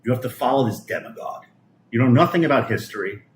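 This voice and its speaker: Scornful and foul-mouthed, a middle-aged Brooklyn man spews a profane political rant during a live stream, often stumbling and beginning his sentences anew. His mid-range voice is expressive, and the room has a noticeable echo. He's from Brooklyn, New York.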